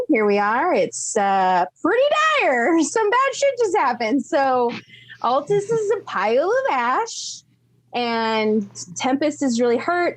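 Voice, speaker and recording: A woman players' recap of a tabletop game, chatty and giggly, dropping into quick voices for characters. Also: on the high side, dry recording, rough recording.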